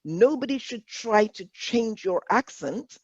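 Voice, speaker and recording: A woman's voice: fairly high pitch, animated, measured pace, a little mellow, slightly rough, dry recording. Woman facilitator, dull dry recording. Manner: earnest, reflective, repeats words when explaining. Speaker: workshop facilitator. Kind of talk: conversational workshop discussion.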